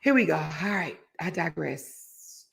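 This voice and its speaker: A woman hosting a casual reaction video, talking to her viewers and breaking into loud laughter until she is in tears. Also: low voice, lively intonation, takes it slowly, creaky.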